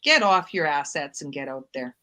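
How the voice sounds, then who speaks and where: A woman's voice: low-pitched, lively intonation, normal speed, pushed and bright. A woman hosting a casual chat show, talking in an upbeat, motivational way. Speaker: host.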